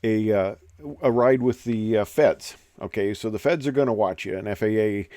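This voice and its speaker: A man's voice: fairly low pitch, moderate pace, dark tone, dry recording. An older man who flew as an airline captain tells stories from his career in a casual, rambling way, full of fillers and digressions. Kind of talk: casual storytelling.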